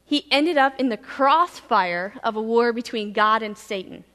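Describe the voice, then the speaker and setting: Woman pastor, storytelling sermon, high voice, long church reverb. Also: lively intonation, unhurried. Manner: vivid, shifting between loud and hushed. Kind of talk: dramatic first-person storytelling sermon.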